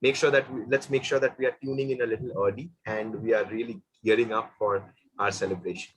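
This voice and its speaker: A man's voice: on the low side, little pitch movement, fast talker, a little hiss or hum, rough recording. A man hosting an online club meeting, upbeat, encouraging and playful with the members. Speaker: meeting host.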